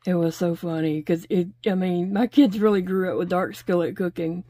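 A woman's voice: on the low side, moderate pace, dark tone. A middle-aged woman, chatting casually and laughing often while she crochets and counts her stitches aloud. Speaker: crochet vlogger.

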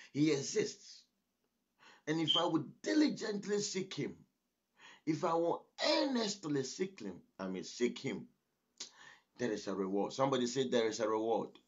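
A man's voice: a little high, husky. A man preaching a sermon as pastor, emphatic and exhorting, often breaking in with "listen". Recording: dull lo-fi recording.

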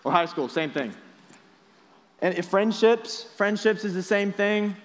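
Speaking to a youth group, a young man serving as youth pastor keeps the mood casual and energetic and tosses out quick questions to involve the students. His slightly high voice echoes through a large hall with a long reverb.

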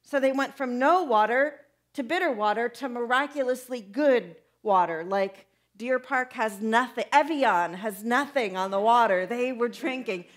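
A young woman pastor preaching a conversational sermon, asking her listeners questions as she goes. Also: on the high side. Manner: conversational, animated, asks the congregation questions.

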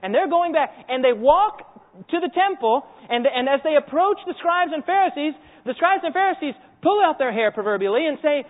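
A man preaching a sermon to a congregation, telling a story with animated energy and quizzing his listeners. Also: extremely high pitch, a little fast. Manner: animated storytelling, acts out scenes and quizzes the audience. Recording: echoey hall over a tinny phone-like line.

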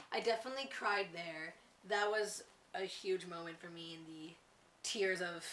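A teenage girl chatting excitedly about a book to camera, gushing, with lots of "like"s and restarts. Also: medium pitch. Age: teens. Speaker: book vlogger. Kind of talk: casual book review to camera. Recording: echoey room, somewhat far from mic.

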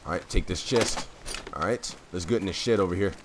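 A man giving casual gameplay commentary, chatty and rambling with many fillers, clearing his throat as his voice keeps cutting out. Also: deep voice, brisk, background noise. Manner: rambling, chatty, full of fillers and self-corrections.

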